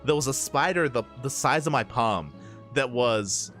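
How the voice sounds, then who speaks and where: A man's voice: mid-range voice, expressive, a little slow, fairly bright tone, faint music behind. A man commentating live esports, telling a rambling story with frequent restarts. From Australia. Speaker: esports caster.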